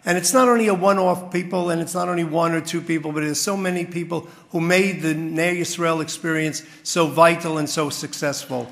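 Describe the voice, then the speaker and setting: A man with a gravelly, slightly raised voice hosts a community dinner. He tells a parable with comic timing and then rouses the audience. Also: fairly high pitch, fairly even intonation, fairly quick, few pauses, a bit bright, long reverb tail. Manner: storytelling with crowd-rousing build-ups. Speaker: master of ceremonies at a community dinner. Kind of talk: after-dinner speech.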